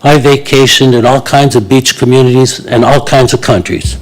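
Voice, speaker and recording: An elderly man in his eighties speaks to a council meeting with blunt indignation. He hesitates with frequent fillers, and his voice sits at a middling pitch. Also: normal speed, rough recording. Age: 80s. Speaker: resident speaking at a public meeting. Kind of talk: public delegation to council.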